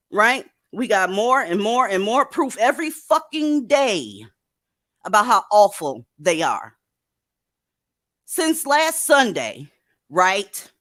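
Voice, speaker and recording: A woman's voice: mid-range voice, fairly bright tone, no echo, studio quality. A woman hosting a live stream, talking casually with blunt, profane sarcasm to her viewers. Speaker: livestream host. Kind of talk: casual livestream commentary.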